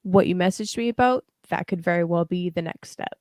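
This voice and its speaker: A woman's voice: lowish voice, a little fast, darkish tone, dry recording, clean studio sound. A young woman hosting a casual livestream tarot reading, chatty and encouraging, with frequent fillers and the odd curse word. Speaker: tarot reader and livestream host.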